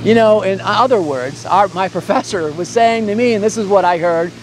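Earnest, high-voiced male Bible teacher. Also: normal speed, background noise. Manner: earnest, conversational teaching with fillers. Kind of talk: Bible-study sermon.

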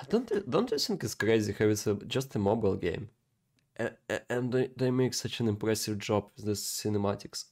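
Excitable man reacting to anime. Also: on the low side. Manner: excitable, emotional, talks to viewers; halting, repeats words, non-native phrasing. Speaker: anime reaction video host. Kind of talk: casual reaction commentary.

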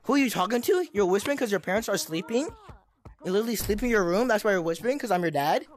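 Young woman, mid-pitch, trash-talking gamer in voice chat, taunting and repetitive. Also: animated, racing. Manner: taunting, repetitive mock-tough insults. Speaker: gameplay streamer.

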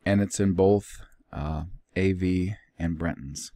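A man's voice: low voice, slow, warm tone, no echo, studio quality. A man teaching an informal Bible study, reading passages aloud with rising emphasis and commenting in plain talk.

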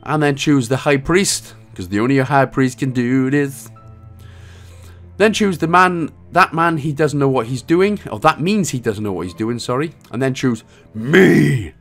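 A man's voice: mid-range voice, expressive, normal speed, a bit bright, faint music behind. A man giving casual, jokey walkthrough commentary on a game, now and then reading out lines in put-on voices. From Wales. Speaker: game guide creator.

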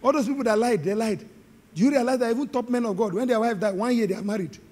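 A middle-aged man with a Nigerian accent, preaching an animated, joking sermon to a live congregation. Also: very high-pitched, fast. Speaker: pastor. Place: large hall with live congregation. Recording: long hall reverb.

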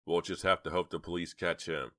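A man's voice: deep voice, steady tone, a little fast, a bit bright. A man voicing a tense teenage boy who gives curt, commanding orders. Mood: earnest.

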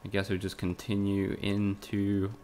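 A man's voice: on the low side, monotone, unhurried, a little mellow, slight background noise. A young man from Spain, chatting casually with his viewers and swearing freely while he streams a game. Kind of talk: casual live-stream commentary.

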